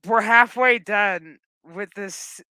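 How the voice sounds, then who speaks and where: A man's voice: high voice, fairly even intonation, slow, bright, forceful tone, smooth, no room sound. A man giving a casual, profane, rambling episode recap with sarcastic asides. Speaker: show recap host.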